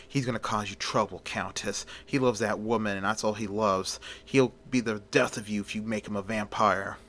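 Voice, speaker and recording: A man reading aloud and voicing a loyal but jealous male servant of a vampire, talking quietly and low. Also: fairly even intonation, moderate pace, a little hiss or hum, close to an everyday voice. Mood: resentful. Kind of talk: amateur storytelling.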